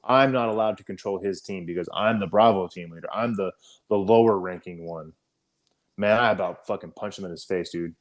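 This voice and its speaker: A man's voice: low-pitched, brisk. A man on a podcast telling an army story in a casual, profane way, full of fillers and restarts. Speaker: podcast co-host, army veteran.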